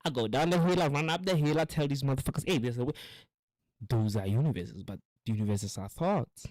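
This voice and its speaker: Male host, loose profane monologue, lively swooping pitch, dry close sound. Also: no room sound, low-quality recording. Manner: rambling, profane, philosophical; acts out quotes in animated voices. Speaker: show host. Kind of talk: casual monologue.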